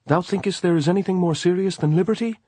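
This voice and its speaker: A man's voice: mid-range voice, animated, fast, husky, no room sound, pitched above the performer's own voice. A man voicing a hot-headed male anarchist sentry who speaks with fervent bluster.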